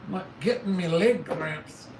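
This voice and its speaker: A middle-aged man hosts a casual livestream from home, telling stories in a rambling, self-mocking way. His voice sits high and his pace is measured. The room is echoey, with loud background noise.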